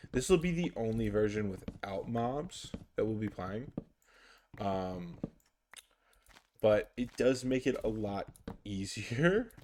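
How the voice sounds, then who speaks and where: A man's voice: medium pitch, slight background noise. A man giving casual, rambling commentary over his gameplay, with lots of fillers and restarts. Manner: rambling, filler-heavy, unhurried. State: sleepy, yawning. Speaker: gaming YouTuber.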